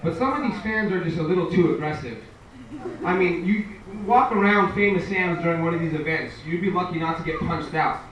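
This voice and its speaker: A young man performs a stand-up comedy set at a live comedy venue, talking conversationally and acting out the voices of people in his stories. His voice is fairly high, fairly quick, and a bit bright. The recording sounds echoey, distant, and noisy.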